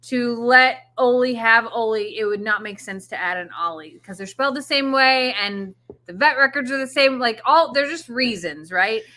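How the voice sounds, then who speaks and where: A woman explains things step by step in a casual chat, in a patient, methodical way. Her voice is bright and sits fairly high. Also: moderate pace. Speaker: co-host of an animal sanctuary channel.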